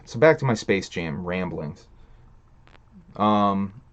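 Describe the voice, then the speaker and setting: A man's voice: low voice, animated, slow pace. A man hosting a livestream, ranting in a casual, rambling way, swearing a lot and laughing between thoughts. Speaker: stream host.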